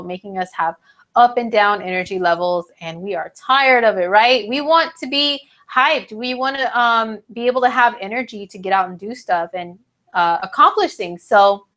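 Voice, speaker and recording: A woman talks through astrology to her viewers in a loose, chatty way, full of slang and fillers. Her voice sits at a middling pitch and sounds a little stuffy from her sinuses. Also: fairly bright tone. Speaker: astrology video host. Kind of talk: casual talk to camera.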